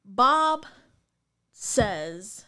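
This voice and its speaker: A woman's voice: medium pitch, very animated, very slow, sharp tone, smooth. A young adult woman co-hosting a podcast, telling stories in a loose, rambling way with lots of ums and likes. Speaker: podcast co-host. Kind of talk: casual chat.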